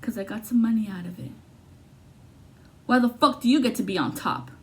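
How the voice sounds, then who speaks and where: A woman giving a casual, profane tarot reading, swinging between loud outbursts and low muttering. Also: brisk. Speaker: tarot reader.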